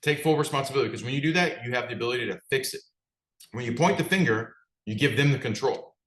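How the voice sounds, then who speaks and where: A man's voice: medium pitch, fast talker, a bit bright, roomy sound, rough recording. A man, a business coach, giving a direct, conversational motivational talk and putting questions to his audience. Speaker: business coach for martial arts school owners.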